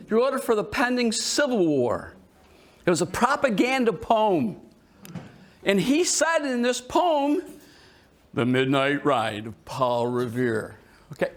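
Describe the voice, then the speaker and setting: A man with a notably high voice presents history to a live audience in an indoor museum hall. Jokey and animated, he keeps quizzing the crowd, his delivery conversational and teasing throughout.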